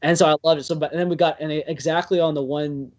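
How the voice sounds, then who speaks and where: A young man, a podcast guest, telling stories in a rambling, animated way full of fillers. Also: fairly high pitch, dull audio. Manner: rambling, filler-heavy, animated with quick bursts. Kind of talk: casual storytelling chat.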